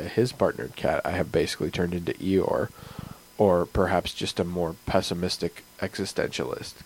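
Low and gravelly, the voice belongs to a man who is both a game master and a podcast host. He chats loosely about his week and his game, leaning on frequent fillers in casual podcast talk, and the recording is rough.

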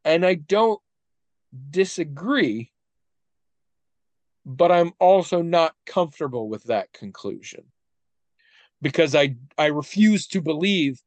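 This man's voice is a little high, with lively intonation, a slow pace, and long pauses, recorded with no room sound. He's in casual podcast chat, recounting something at length, restarting frequently and adding asides as he goes.

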